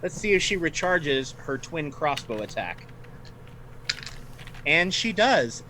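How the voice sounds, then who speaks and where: A man's voice: fairly high pitch, very animated, takes it slowly, bright, forceful tone, a little hiss or hum. A man running a tabletop game as game master, narrating turns in a friendly way and laughing often.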